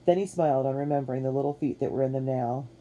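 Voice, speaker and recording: A woman giving a measured, expressive narration of a children's storybook. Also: very deep voice, dull audio. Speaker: audiobook narrator.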